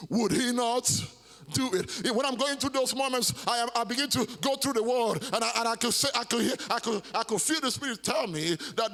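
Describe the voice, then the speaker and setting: Pastor guy preaching, high voice, keeps repeating himself, long church reverb. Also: pushed and bright. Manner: preaching with emphatic repetition and stammered restarts. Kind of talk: sermon. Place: large church hall.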